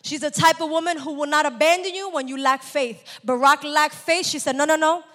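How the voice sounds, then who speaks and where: A woman preacher delivering a sermon, calling for amens and building to shouted exhortations. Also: sits high, a little fast, big-room sound. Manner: call-and-response, rising to shouts.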